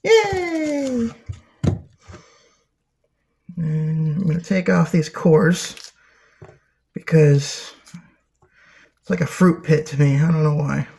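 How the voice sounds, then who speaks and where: A man's voice: on the high side, little pitch movement, slow, gravelly, pauses often, warm tone. A man hosting a casual cooking demonstration, chatty and playful, with silly sound effects and jokey asides. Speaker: cooking show host.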